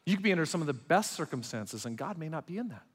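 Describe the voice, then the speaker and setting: A man preaching a sermon as pastor, swinging between loud emphatic passages and quiet, intimate ones. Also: fairly high pitch, sing-song, quick pace, breathy edge. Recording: long hall reverb.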